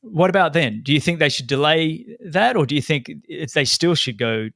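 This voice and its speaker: A man's voice: on the high side, animated, moderate pace, creaky, fairly bright tone, no room sound, clean studio sound. A middle-aged man hosting a podcast, asking questions and telling stories in an enthusiastic, conversational way. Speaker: podcast host.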